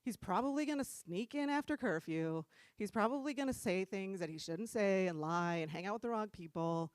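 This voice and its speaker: A woman's voice: medium pitch, expressive, moderate pace, no room sound, natural voice. A woman voicing an imagined Jesus who grumbles wearily and dismissively about someone who will cause him trouble. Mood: exasperated. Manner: weary, exasperated grumbling.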